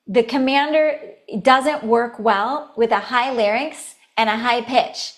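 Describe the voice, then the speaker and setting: A woman teaching a recorded voice lesson, her voice sitting a little higher than most. She is animated, demonstrating each tone by shifting her pitch and volume, and she laughs often between points. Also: slow. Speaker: voice coach.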